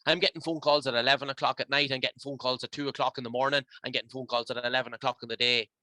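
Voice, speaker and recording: A man's voice: mid-range voice, steady tone, racing, bright, forceful tone, dry recording. An emotional, passionate Irish man talking as a podcast guest in rambling, heartfelt casual chat. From Ireland.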